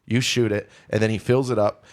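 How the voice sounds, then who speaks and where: A man's voice: fairly low pitch, little pitch movement, brisk. Candid rambling man telling a story. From Houston, Texas. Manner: rambling, candid, self-deprecating, lots of restarts. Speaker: podcast co-host. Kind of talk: casual storytelling.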